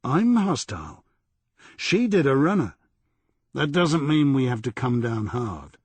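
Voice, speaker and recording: A man's voice: mid-range voice, sing-song, a little slow, a little mellow, slightly rough, dry recording. A man playing a blunt, persistent police detective in an audiobook, pressing with firm questions.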